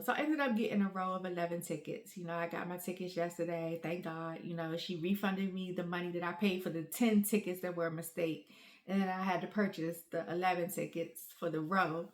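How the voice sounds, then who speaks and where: A woman, a mother and family vlogger, telling a story in an emotional, animated way with many fillers. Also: on the low side, moderate pace. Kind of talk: casual storytelling to camera. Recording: roomy echo.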